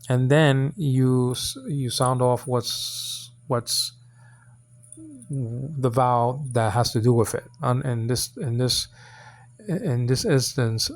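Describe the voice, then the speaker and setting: A man hosting his own channel and teaching Hebrew letters from the Bible in an informal lesson. He halts, repeats words and checks in with his listeners. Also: medium pitch. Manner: halting, repeats words, many fillers; coaxing checks like "okay?" and "you understand?".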